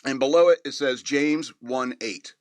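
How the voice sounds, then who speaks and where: A man's voice: mid-range voice, moderate pace, no echo. A man hosting a show, giving a casual, rambling movie review with many fillers and chuckles. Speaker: podcast host reviewing a movie.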